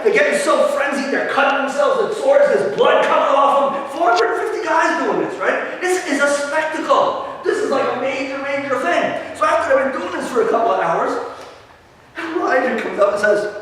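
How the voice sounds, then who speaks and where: A man preaches a sermon, retelling a story with lively swings between hushed asides and loud emphasis. His voice sits high for a man. It carries through a long, echoing church hall, picked up from a distance with faint ambience behind it. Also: normal speed, a little hiss or hum. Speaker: pastor. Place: church sanctuary. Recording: echoey church hall from far off.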